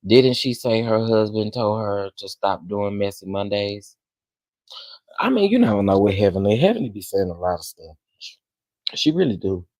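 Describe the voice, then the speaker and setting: A man, hosting a casual commentary chat, animated and dramatic as he talks to his viewers. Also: fairly low pitch, normal speed, no room sound, low-quality recording. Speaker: commentary channel host.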